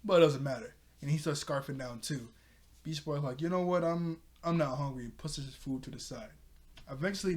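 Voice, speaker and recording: A young man casually recapping a cartoon episode, retelling the scenes loosely with quick quoted lines and frequent laughs. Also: fairly high pitch. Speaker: cartoon reviewer.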